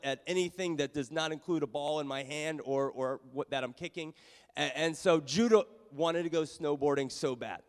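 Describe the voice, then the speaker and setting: Pastor, man, high voice, sermon delivered as an animated, self-deprecating story; long church reverb. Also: moderate pace. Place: church sanctuary.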